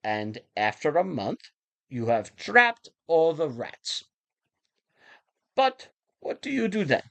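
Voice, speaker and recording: A man doing an impression of a calm, menacing middle-aged male film villain, delivering a theatrical monologue with a wavering put-on accent. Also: a little high, slow, creaky, voice pushed up, exaggerated voice.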